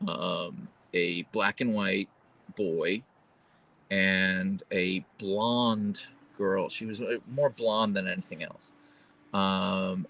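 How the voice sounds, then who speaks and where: A man's voice: lowish voice, fairly bright tone, low-quality recording. A man hosting a casual live stream at home, chatting in a rambling way full of fillers and restarts. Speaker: livestream host. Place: at home, with his dogs.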